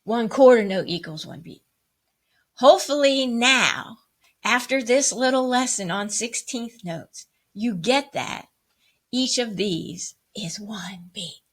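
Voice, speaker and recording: A woman's voice: a little high, animated, takes it slowly. A woman teaching a music lesson to children, upbeat and encouraging as she counts rhythms aloud.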